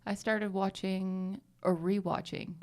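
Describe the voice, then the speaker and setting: A young woman co-hosting a casual sports podcast, chatty and quick to poke fun at herself. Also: mid-range voice, level tone, darkish tone. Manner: chatty, self-mocking. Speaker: podcast co-host.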